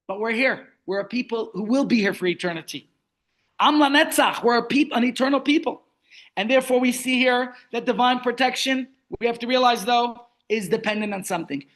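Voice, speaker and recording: A man teaching a Torah class over a video call, telling stories and asking rhetorical questions. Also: very high voice. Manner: storytelling, rhetorical questions, animated. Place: online meeting.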